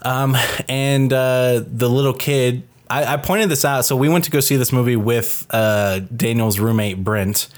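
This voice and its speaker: A man co-hosting a laid-back movie review podcast. His voice sits at a plain, middling pitch. He recaps scenes with a dry, sarcastic edge and casual swearing. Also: steady tone, unhurried, few pauses. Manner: sarcastic, profane, joking banter. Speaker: podcast co-host.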